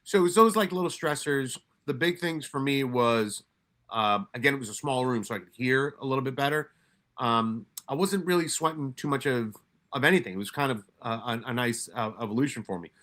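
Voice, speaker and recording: A New York-raised man retells stories at a brisk clip in a bright, forceful voice of medium pitch. His casual storytelling is profane and animated, full of restarts and quoted asides as he voices himself and others.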